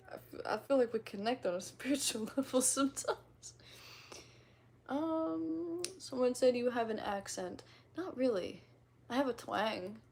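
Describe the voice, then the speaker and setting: A woman streamer from the American Midwest, with a slight Midwestern twang, reads comments and chats casually, giggly, playful and teasing herself. Her voice is fairly high yet gravelly with a darkish tone, and there's slight background noise.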